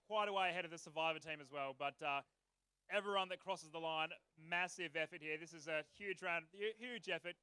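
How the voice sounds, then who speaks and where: An upbeat man co-commentating a live swim event. He talks fast, and his voice is fairly high, bright and crisp. The sound is dry and close. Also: dry recording.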